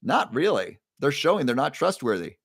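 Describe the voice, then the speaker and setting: A man's voice: mid-range voice, sing-song, moderate pace, vocal fry, no room sound, studio quality. A man hosting a casual livestream, telling a story in a chatty way and repeating key phrases. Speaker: livestream host.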